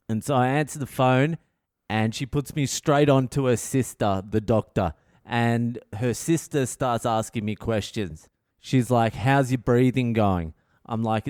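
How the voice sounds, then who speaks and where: A man tells a story on his podcast in a relaxed, profanity-laden way. His voice is smooth and even, recorded close and dry, and his chest is sore. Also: medium pitch, no room sound. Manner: profane, laid-back storytelling. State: sore chest, short of breath. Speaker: comedian podcast host. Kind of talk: casual storytelling monologue. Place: hospital.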